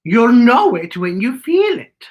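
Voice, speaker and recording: A woman voicing a kind, gentle grown woman in a picture book, speaking softly and slowly. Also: fairly high pitch, very animated, voice pushed up.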